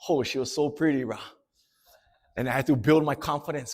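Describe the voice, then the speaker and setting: A man from Hawaii with a Hawaiian Pidgin accent, a speaker telling a story to students in an animated, laughing way, slipping into character voices. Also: mid-range voice, fairly quick. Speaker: motivational speaker.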